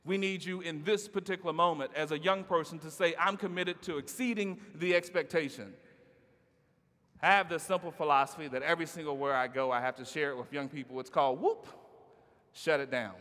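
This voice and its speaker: A man's voice: on the high side, brisk, sharp tone. A middle-aged man giving a motivational keynote speech with a rhythmic, playful delivery, heard in a large conference hall. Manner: rhythmic, call-and-response style delivery with playful asides. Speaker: keynote speaker. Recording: long hall reverb.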